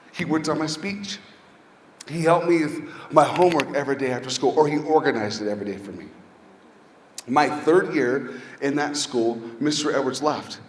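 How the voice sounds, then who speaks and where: Male motivational speaker, personal storytelling, rhetorical questions, reverberant hall, faint room hum. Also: medium pitch. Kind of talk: inspirational speech to a school audience. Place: large hall with an audience.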